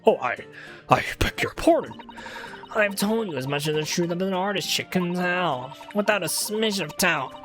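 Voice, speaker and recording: A woman voicing an evasive, defensive female artist witness, speaking slowly and coyly. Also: lowish voice, expressive, over music, lightly acted.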